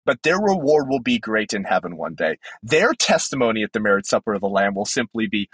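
A man, a podcast guest, giving fervent preaching-style commentary with emphatic swings in pitch. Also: very animated, brisk, hardly any pauses, fairly bright tone, husky, no room sound, low-quality recording.

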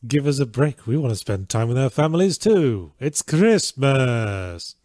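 A man's voice: mid-range voice, big pitch swings, a little slow, a little mellow, no room sound. Wry man co-hosting a stream. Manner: dry, wry remarks. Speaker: stream co-host. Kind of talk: casual chat.

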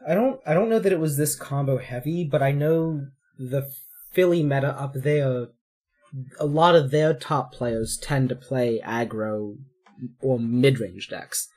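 A man co-hosts a casual podcast, explaining things in a measured way. His mid-pitched voice has a slightly husky grain. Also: darkish tone. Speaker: podcast co-host.

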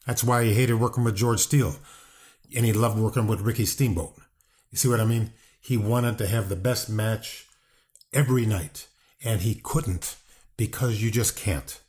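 Older male guest, low-ish voice, gruff and profane, defensive rambling delivery. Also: fairly even intonation, normal speed, a little mellow. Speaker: wrestling guest, brother of the subject. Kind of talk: casual interview talk.

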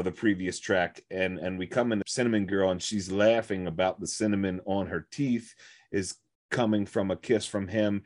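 Low-voiced man, hesitant podcast co-host. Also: a little mellow. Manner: hesitant, with many fillers and restarts. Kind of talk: casual music review chat.

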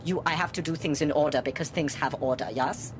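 Someone playing an eccentric German decorator with a German accent who talks in stiff, broken English, words in odd order. The voice sits at a middling pitch over a faint hiss of room noise. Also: brisk, lightly acted. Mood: proud, matter-of-fact. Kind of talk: tabletop role-play.

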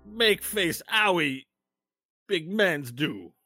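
A small, timid male goblin , as a man puts him on, who speaks in clipped, broken pidgin. His voice sits high and husky, and he sounds cowed and out of his depth in a tabletop game. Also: animated, extremely slow, sharp tone, no echo, studio quality, faint music behind, full character voice. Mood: pleading. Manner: broken pidgin English, short clipped phrases.

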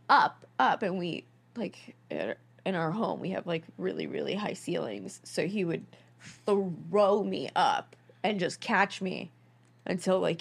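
A woman's voice: medium pitch, gravelly, breathy edge. A young woman co-hosting a podcast, talking in a casual, gushing way full of fillers as she tells a personal story. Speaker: podcast co-host. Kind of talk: casual chat.

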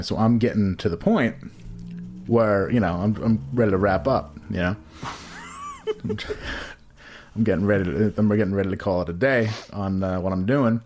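A man's voice: lowish voice, moderate pace, darkish tone, slight background noise. A man telling a crude, rambling comic story in casual podcast chat, full of fillers and restarts.

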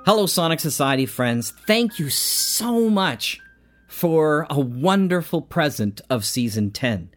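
A man's voice: a little high, animated, takes it slowly. A man hosting an audio drama podcast, eager and stumbling over restarts as he acts and chats. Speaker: podcast host. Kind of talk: audio drama acting and casual thank-you chat.

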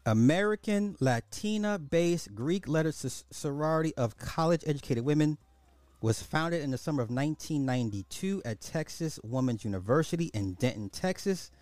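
A podcast host reacts to clips with social commentary, repeating rhetorical questions in incredulous disbelief and calling his listeners "y'all" directly. His fairly high voice is animated and darkish at a moderate pace, recorded dry.

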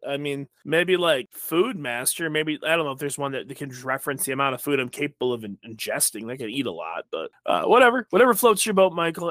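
A young man with a deep, booming voice chats casually as a podcast co-host. His humor is dry and deadpan, and his talk wanders through asides. The sound is close and dry. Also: no room sound. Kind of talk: casual chat.

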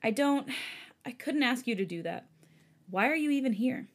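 A woman's voice: on the high side, lively intonation, normal speed, pitched above the performer's own voice. Remorseful young man, as a woman reads him.

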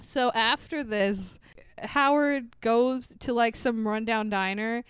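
A woman's voice: on the high side, slow pace, slight background noise. A woman co-hosting a podcast, recapping a movie in casual, sweary chat and laughing as she acts out lines. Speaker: podcast co-host.

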